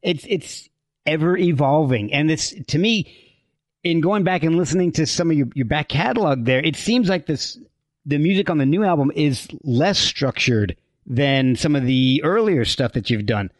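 A man's voice: a little high, animated, normal speed, no room sound. A male host in a casual interview who affirms his guest and asks long, winding questions. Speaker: podcast host.

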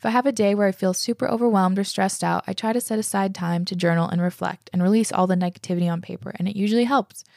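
A woman's voice: medium pitch, fast, gravelly, few pauses, darkish tone, no room sound, studio quality. A young woman hosting a casual podcast, reading listener letters aloud and chatting about them, enthusiastic and swearing freely. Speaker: podcast host.

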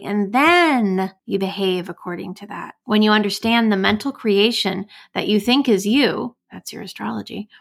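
A woman's voice: medium pitch, vocal fry. Chatty American woman hosting a podcast. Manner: chatty, self-interrupting, playful asides. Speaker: astrologer and coach hosting a podcast. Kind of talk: casual solo podcast monologue.

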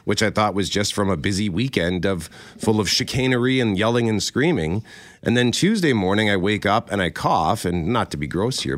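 A man co-hosting a morning radio show, telling stories animatedly and still a little hoarse from a cold. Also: on the low side, no room sound. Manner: animated storytelling, acts out quoted voices. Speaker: radio co-host. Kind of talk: casual radio chat. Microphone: studio microphone.

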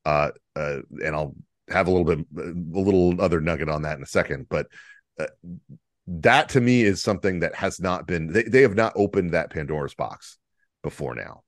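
A deep-voiced man talks through the news in a loose, joking podcast chat. He rambles, restarts and fills gaps with "uh" while chuckling. The sound is dry and close. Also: animated, normal speed, no room sound. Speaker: podcast co-host. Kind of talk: casual political comedy chat.

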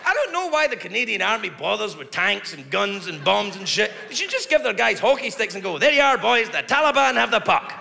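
A man doing a stand-up comedy set, rambling and animated, swearing freely and shouting his punchlines. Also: high-pitched, gravelly, heavy background noise. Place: theater stage before a large audience. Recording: live theater hall with loud crowd. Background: audience laughter and applause.

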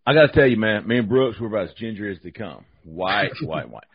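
A man's voice: fairly low pitch, lively intonation, fast, a little hiss or hum. A man hosts a casual sports talk show, joking and rambling as he restarts his sentences. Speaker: podcast host. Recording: slightly muffled podcast audio.

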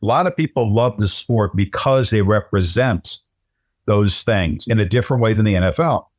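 A middle-aged sportscaster, appearing as a guest, tells stories in casual conversation, often repeating words as sentences begin. His lowish voice is expressive and moderately paced, recorded at studio quality with no echo.

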